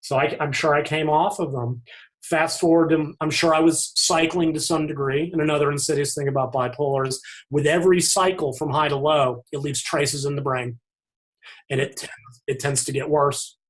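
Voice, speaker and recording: A man with a somewhat higher-than-average voice speaks as a podcast guest. He talks frankly and thoughtfully, circling back and restarting his sentences in an easy, unscripted conversational way. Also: steady tone, moderate pace. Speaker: podcast guest, fitness author. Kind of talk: candid conversational interview.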